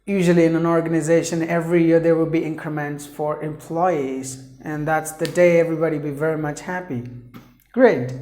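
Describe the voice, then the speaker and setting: A man's voice: on the high side, dark tone, roomy sound. A man teaching a pronunciation lesson, repeating each word several times and drawing it out for drilling.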